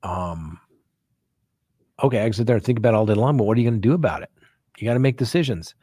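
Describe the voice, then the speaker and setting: A man's voice: on the low side, animated, quick pace, warm tone, no echo, studio quality. A man hosting a live show as a criminal defense attorney, talking casually in a folksy way with frequent "right?" asides. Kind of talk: casual live-stream talk.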